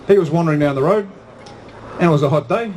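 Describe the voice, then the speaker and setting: A man's voice: fairly high pitch, quick pace, darkish tone, a little hiss or hum. A man giving a live motivational talk at an event, speaking emphatically and repeating key phrases for impact. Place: outdoor event on a hot day.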